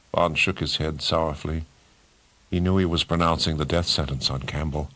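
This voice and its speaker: A man narrating an audiobook thriller in a measured, dramatic way. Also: rumbling low, fairly bright tone, no echo. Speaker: audiobook reader.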